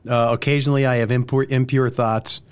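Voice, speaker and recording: A man's voice: mid-range voice, little pitch movement, fairly quick, clean tone. A middle-aged man hosting an interview, teasing his guest playfully in a casual chat. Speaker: host.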